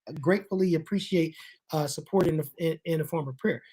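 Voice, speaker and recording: An animated co-host speaks over a video call. The voice sits at a middle pitch. The talk is loose and colloquial, full of jokes. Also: fast talker, breathy edge. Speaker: co-host, ministry worker. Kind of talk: casual online talk show.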